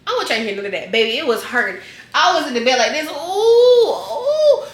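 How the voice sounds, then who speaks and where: A woman vlogger telling a storytime in a casual, slangy way, animated and acting out scenes. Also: on the high side, racing. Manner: animated, slangy, acts out scenes with loud yells. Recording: echoey room.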